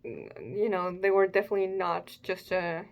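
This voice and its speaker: A woman's voice: fairly low pitch, fairly even intonation, moderate pace. A young adult woman giving casual reaction commentary, thinking aloud hesitantly with fillers as she hosts her own video. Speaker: manga reaction host.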